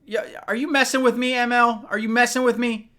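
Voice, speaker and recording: A man's voice: extremely high pitch, level tone, a little fast, bright, forceful tone. Rambling male streamer chatting to viewers. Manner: rambling, talks to chat by name, tipsy from bourbon. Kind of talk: casual live-stream chat.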